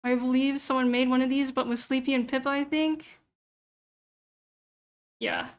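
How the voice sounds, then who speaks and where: A woman's voice: high voice, steady tone, moderate pace. A young woman streamer chatting casually on a livestream, muttering to herself as she browses and swearing freely. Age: young adult. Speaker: VTuber streamer.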